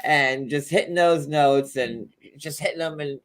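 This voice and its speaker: A man's voice: fairly high pitch, measured pace. Man co-hosting a casual recap chat, rambling, gossipy, joking. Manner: gossipy, joking, rambling, jumps into mocking impressions. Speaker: podcast host.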